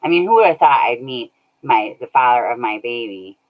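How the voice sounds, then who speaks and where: A woman's voice: rumbling low, expressive, fairly quick. Chatty woman streamer, dull lo-fi sound. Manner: chatty, laughs often, thanks viewers by name. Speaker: streamer reading chat. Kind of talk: casual livestream chat. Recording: dull lo-fi audio.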